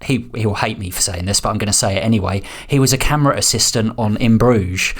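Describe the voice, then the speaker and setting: A man's voice: lowish voice, quick pace. A man co-hosting a film podcast, chatting casually and rambling with fillers and restarts. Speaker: podcast co-host. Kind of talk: casual chat.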